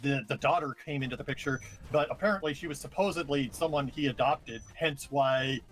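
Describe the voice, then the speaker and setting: A man talking as a guest on a casual stream, recounting events in a measured way with frequent "uh" fillers. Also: medium pitch, faint music behind, rough recording. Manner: measured storytelling with many fillers.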